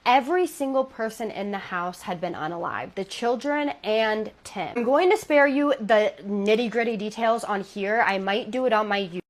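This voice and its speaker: A woman's voice: medium pitch, moderate pace, hardly any pauses. A woman telling a true scary story in a casual, dramatic way, talking straight to her viewers. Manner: chatty, dramatic, addresses viewers directly.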